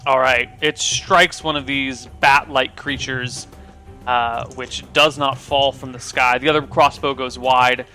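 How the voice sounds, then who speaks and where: A man acting as game master, narrating scenes and calling for dice rolls in a relaxed, descriptive way. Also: medium pitch, soft background music. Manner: descriptive, unhurried scene-setting.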